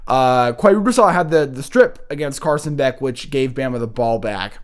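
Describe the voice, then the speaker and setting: A man's voice: medium pitch, lively intonation, moderate pace. A young man hosting a college football show, giving casual, rambling analysis full of restarts and self-corrections.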